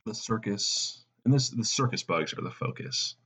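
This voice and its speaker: A man co-hosting a casual comedy podcast, talking in a dry, deadpan joking way. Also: on the low side, normal speed, vocal fry, slightly rough. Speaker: podcast co-host. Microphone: headset mic. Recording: dull lo-fi sound.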